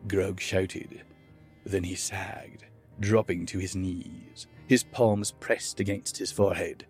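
A man narrating a fantasy story in a measured, steady way. His voice is husky and lowish, and he takes his time, with soft music faint underneath. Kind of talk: scripted narration.

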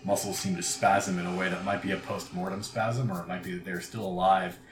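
Low-voiced man narrating as game master. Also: brisk. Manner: vivid descriptive narration with frequent uh fillers. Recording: roomy recording with steady background noise.

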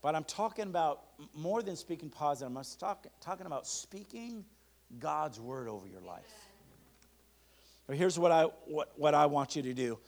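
A male pastor with a slightly high, animated voice preaches a sermon. He leads the congregation in call-and-response and reads declarations slowly and emphatically.

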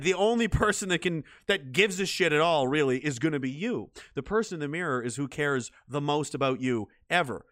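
Guy ranting hard, swears a lot, trips over his words, voice a bit on the high side. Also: expressive, fairly quick, few pauses, fairly bright tone. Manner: blunt, profane, combative; many restarts and repeated words. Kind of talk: ranting monologue.

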